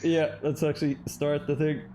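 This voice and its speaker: A man's voice: a little high, level tone, normal speed, noisy background. A man streaming a racing game, chatting casually with friends and laughing often. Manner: laid-back, laughs often. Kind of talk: casual gaming chat.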